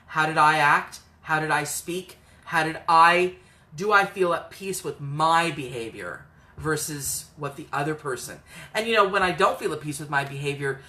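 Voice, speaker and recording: A woman's voice: fairly low pitch, sharp tone. A woman hosting a live advice stream, talking earnestly and encouragingly to viewers and reading out their comments by name. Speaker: host and coach.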